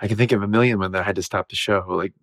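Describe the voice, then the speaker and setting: A man, a musical theatre actor guest, telling stage stories in a casual, animated way, laughing and acting out the lines he quotes. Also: lowish voice, rapid-fire, no echo, clean studio sound, faint music behind. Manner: animated, giggly storyteller who acts out quotes.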